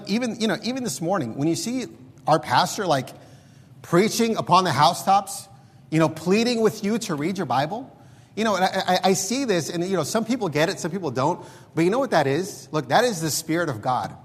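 A man's voice: on the high side, husky, in a large hall. A man preaching a sermon, reading scripture aloud in an emphatic, pleading way.

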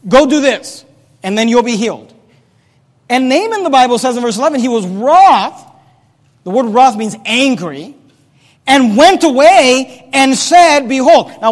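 Very high-voiced preacher in an echoing church. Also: male voice. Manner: conversational preaching with humorous asides. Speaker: pastor. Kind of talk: sermon. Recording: long echoey church reverb.

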